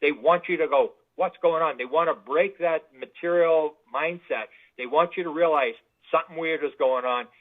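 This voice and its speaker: A man telling stories as a guest in an interview, animated and full of restarts. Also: on the high side, moderate pace, few pauses. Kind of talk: anecdotal interview storytelling. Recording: tinny phone-like line.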